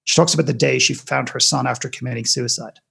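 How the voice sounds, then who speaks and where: Male podcast guest, emphatic storyteller, husky gravelly voice. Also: medium pitch, steady tone, fast talker, a bit bright. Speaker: guest speaker.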